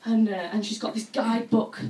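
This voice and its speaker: A woman performing a stand-up comedy routine, telling stories in a chatty, animated way and acting out other people's voices. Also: a little high, brisk. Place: comedy club stage with audience laughter. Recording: roomy venue audio from a distance with faint noise.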